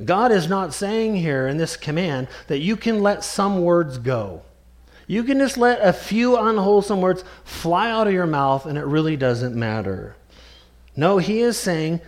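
A man preaching a sermon, earnest and emphatic, slowing down to stress key words. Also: sits high, very animated. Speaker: pastor.

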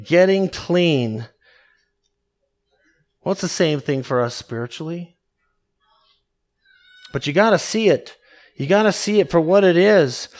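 Man, pastor, preaching, emphatic and conversational, high-pitched voice. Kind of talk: sermon.

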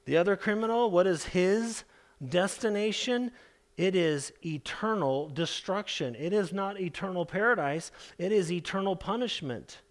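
A man delivers a sermon in a notably high-pitched voice. He preaches with emphasis, stacking rhetorical questions and repeating phrases for weight. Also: normal speed. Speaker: pastor.

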